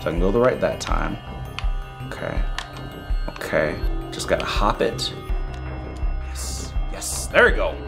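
A man in his twenties giving excitable game commentary, yelling, joking and talking to viewers. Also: low voice, unhurried, gravelly, pauses often. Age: 20s. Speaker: gaming YouTuber. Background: game music.

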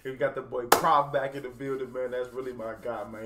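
A man hosting a casual music reaction, talking in a slangy, profane and excitable way. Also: mid-range voice, a little fast, crowd noise. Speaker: reaction channel host. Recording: echoey room with background noise.

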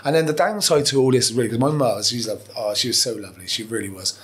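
A man's voice: mid-range voice, quick pace. A man, telling his story as a podcast guest, candid and profane, rambling with restarts. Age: 40s. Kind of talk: casual interview storytelling.

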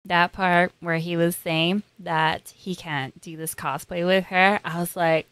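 A woman's voice: fairly low pitch, steady tone, measured pace, hardly any pauses, a bit bright, smooth, no room sound. A young woman hosting an anime reaction, chatting casually in slang and acting out characters' lines.

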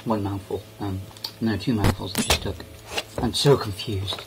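A man's voice: lowish voice, fairly even intonation, normal speed, very noisy. A young man giving goofy, rambling commentary while playing a game. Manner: goofy, rambling, talks to himself. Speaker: gaming video creator.

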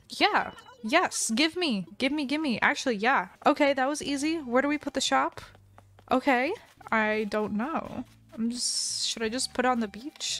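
A woman streaming herself playing a game, chatting with viewers in an excitable, giggly, gushing way. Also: a little high. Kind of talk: live gameplay commentary.

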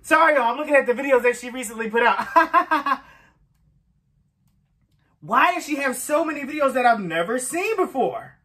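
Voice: sits high, animated, normal speed, long pauses, bright, forceful tone. A music reaction host giving casual commentary, effusive and emotional, laughing often and talking straight to the viewers.

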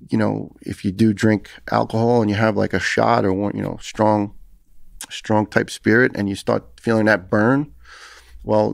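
A middle-aged man with a New York accent tells a hard personal story as a podcast guest. His voice is low and gravelly, and it stays fairly flat in pitch. It is recorded dry and close. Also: dry recording. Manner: earnest, emotional retelling with repeated restarts. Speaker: guest, former firefighter.

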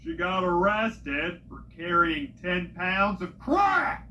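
A comedic joke teller with a punchy delivery who shouts each setup line before the punchline. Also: medium pitch, sing-song, slow pace, noisy background.

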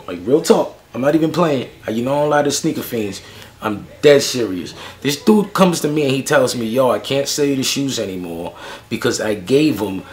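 A man's voice: medium pitch, darkish tone. A young man ranting to camera in a casual vlog, slangy and annoyed, with lots of fillers as he tells a story. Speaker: sneaker vlogger.

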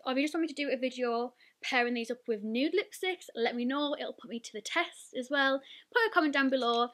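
A British woman in her twenties, a beauty vlogger chatting excitedly while unboxing and swatching, gushing with lots of "like" and "oh my god". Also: sits high, fast, few pauses. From United Kingdom.

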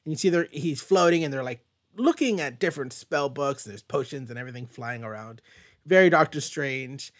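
A young man casually recapping a comic book, excited and rambling, swearing freely. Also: mid-range voice, a little fast. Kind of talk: casual chat.

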